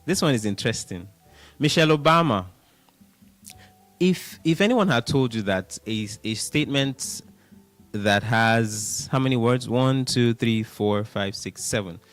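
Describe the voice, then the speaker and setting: A man hosting a radio show, talking casually and with animation, counting things out loud and laughing now and then. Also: medium pitch, a little slow, soft background music. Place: radio studio.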